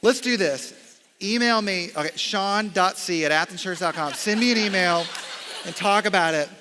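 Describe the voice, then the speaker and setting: A young man, a college ministry director, giving an animated sermon full of jokes and off-script asides on a stage microphone in a large church hall. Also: sits high, moderate pace, a little hiss or hum. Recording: long hall reverb.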